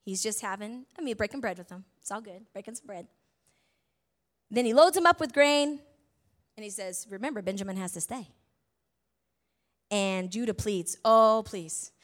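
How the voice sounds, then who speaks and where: A woman preaching a sermon, retelling a story in a conversational way, full of tag questions and big swings between loud and soft. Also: mid-range voice, expressive, normal speed, long pauses.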